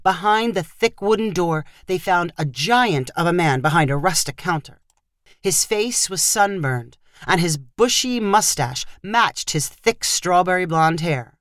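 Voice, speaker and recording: A woman narrating a fiction short story with expressive delivery. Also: fairly low pitch, measured pace, dry recording, studio quality.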